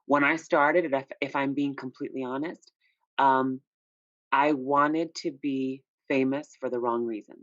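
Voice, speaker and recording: A man's voice: mid-range voice, fairly even intonation, a little slow, fairly bright tone. A man who makes records talks openly about his career, telling stories with lots of "you know" asides. The sound is dull and lo-fi, dry with no room echo. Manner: candid storytelling with frequent "you know" asides. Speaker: independent recording artist, guest. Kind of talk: casual interview chat.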